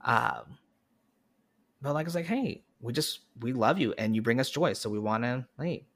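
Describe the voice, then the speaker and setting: A man speaks as a podcast guest in an easy conversational tone. His pitch jumps around a lot as he tells playful stories. He sounds animated throughout. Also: moderate pace.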